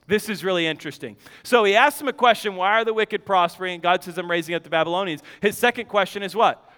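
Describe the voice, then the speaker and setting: A man preaching a sermon, reading scripture aloud with animated, joking asides. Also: sits high, smooth. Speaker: pastor. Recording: long hall reverb.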